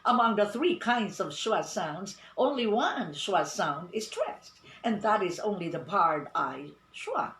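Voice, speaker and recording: A woman giving an online pronunciation lesson, speaking deliberately, repeating words and asking the class questions. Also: medium pitch, big pitch swings, fairly bright tone. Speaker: English teacher. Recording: roomy echo.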